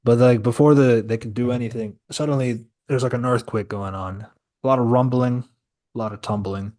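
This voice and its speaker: A man's voice: mid-range voice, steady tone, brisk, a little mellow. A man hosting a podcast, casually recapping a film scene by scene in a laid-back storytelling way. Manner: storytelling, laid-back, many filler restarts. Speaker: podcast host reviewing a film.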